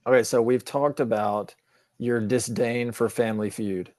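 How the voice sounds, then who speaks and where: A man's voice: mid-range voice, steady tone, moderate pace, darkish tone, no echo. Easygoing man in his thirties, dry mic. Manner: easygoing, joking, plainspoken. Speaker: veterinarian co-host. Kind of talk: casual chat.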